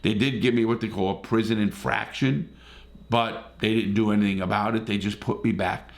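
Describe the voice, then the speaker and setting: A man's voice: lowish voice, steady tone, normal speed, gravelly. A man telling a story from his own life in a casual monologue, blunt and profane, getting heated and often restarting his sentences. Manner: frequent restarts and stumbles. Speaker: host, ex-convict storyteller.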